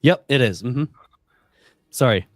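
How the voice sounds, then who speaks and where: A man narrating a tabletop game as game master, playful and quick to laugh. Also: medium pitch, lively intonation, dry recording, studio quality, soft background music.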